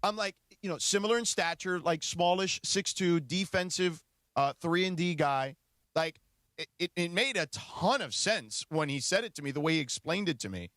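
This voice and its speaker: A man's voice: high voice, lively intonation, normal speed, fairly bright tone, no room sound. A man hosting a sports radio show, chatting casually and often restarting his sentences in a studio.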